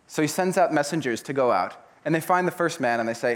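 A man preaching a sermon, retelling a parable in a casual, animated storytelling way. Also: fairly high pitch, quick pace, few pauses. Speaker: pastor.

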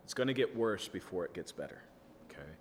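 A man's voice: fairly low pitch, lively intonation, fast talker, in a large hall, slight background noise. A man teaching through scripture as a pastor, reading verses aloud and explaining them in a conversational way, often checking in with his listeners. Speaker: pastor teaching a Bible study. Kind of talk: expository sermon with scripture reading.

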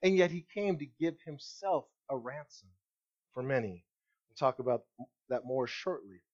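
A male pastor preaching a sermon, slowing down and dropping his voice low to land key words. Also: animated, a little mellow, dull audio. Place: church.

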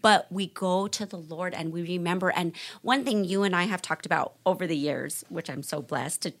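A middle-aged woman co-hosting a casual faith podcast, talking in an expressive, emphatic way with frequent laughter. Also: lowish voice, moderate pace. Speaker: podcast co-host.

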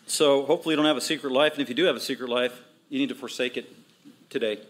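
A male pastor preaching a sermon, emphatic and repetitive, with quick asides. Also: mid-range voice.

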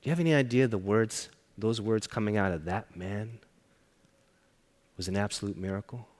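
A man preaching a sermon, telling a personal story earnestly and often dropping to a hushed voice. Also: on the low side, normal speed. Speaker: pastor. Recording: long reverb of a large hall.

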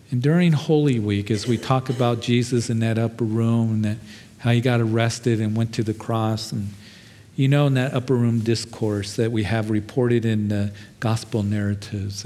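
A man's voice: mid-range voice, warm tone. A man preaching as a pastor, telling a story in a conversational, self-deprecating way with many fillers. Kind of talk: sermon. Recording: long hall reverb.

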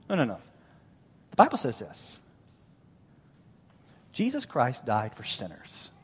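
Pastor preaching in a reverberant hall. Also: male voice, fairly high pitch, normal speed, pauses often, husky. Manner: animated, storytelling, acts out quoted voices. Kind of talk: sermon. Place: large church hall. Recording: long church-hall reverb.

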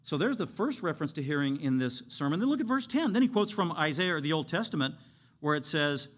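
Male pastor, sermon delivery, emphatic, slightly high pitch. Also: big pitch swings, fast talker. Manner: emphatic preaching, shouts for emphasis.

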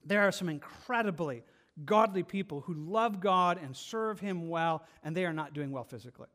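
A man with a high, light voice preaches to his congregation. He talks earnestly and conversationally, doubling back on his words and adding casual asides as he explains the text. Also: normal speed, a bit bright. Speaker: pastor. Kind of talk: sermon.

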